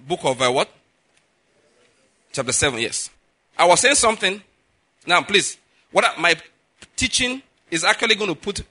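Male pastor, middle-aged, high and sharply bright voice, emphatic sermon delivery. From Nigeria. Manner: emphatic, rises in pitch and volume to stress points.

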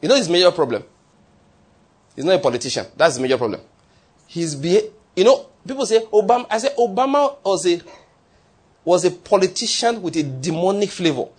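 Husky-voiced man preaching emphatically. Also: sits high, animated, a little fast. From not from the United States. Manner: emphatic, repeats key phrases for effect. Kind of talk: sermon.

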